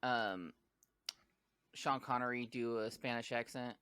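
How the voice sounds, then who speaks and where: A man's voice: medium pitch, steady tone, a little slow, a bit bright, smooth, no echo. A man co-hosting a podcast in casual chat, eagerly retelling movie plots. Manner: enthusiastic storyteller, recaps movies. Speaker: podcast co-host.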